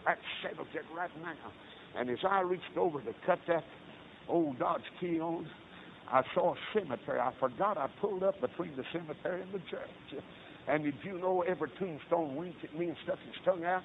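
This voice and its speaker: A middle-aged Baptist preacher, telling stories in a sermon and swinging from low talk to loud shouted peaks. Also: male voice, fairly quick. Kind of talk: storytelling sermon. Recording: tinny lo-fi recording with faint hiss.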